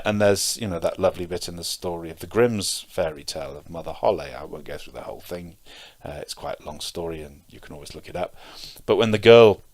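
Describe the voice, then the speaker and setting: A middle-aged man giving a Zen dharma talk, telling stories in a hesitant way with many pauses and fillers. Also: low voice. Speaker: Zen teacher.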